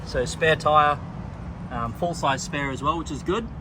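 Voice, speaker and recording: A man with an Australian accent, a car salesman giving a relaxed walkaround tour of a vehicle, pointing out features as he goes. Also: fairly high pitch, measured pace, noisy background. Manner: relaxed, plain-spoken, pointing things out as he goes. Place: outdoors around a car, then inside it.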